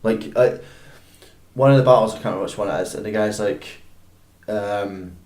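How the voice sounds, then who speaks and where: A man's voice: fairly low pitch, normal speed, a little mellow, roomy sound. A young Scottish man co-hosting a podcast, chatting casually and rambling with lots of fillers and restarts. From Scotland. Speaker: podcast co-host. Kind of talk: casual chat.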